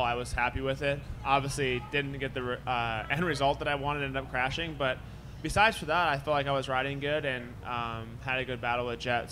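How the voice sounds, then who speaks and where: Bright-voiced male racer. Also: medium pitch, a little hiss or hum. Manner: relaxed, plain answers with fillers. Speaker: racer at a press conference. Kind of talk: post-race press conference answers.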